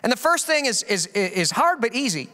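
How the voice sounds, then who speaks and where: A male pastor preaching a sermon in an animated way, often acting out voices he quotes. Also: very high-pitched, normal speed, in a large hall.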